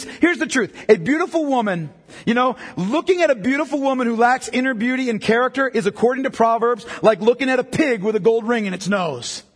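A middle-aged male pastor preaching a sermon to a congregation, mixing scripture with joking asides. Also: very high-pitched. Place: church hall. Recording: long hall reverb.

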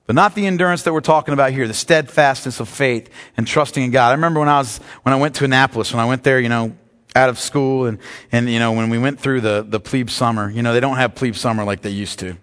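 A middle-aged man preaching a sermon as pastor, drawing out key words with dramatic pauses and slipping into quick joking asides. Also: medium pitch, fairly bright tone, big-room sound.

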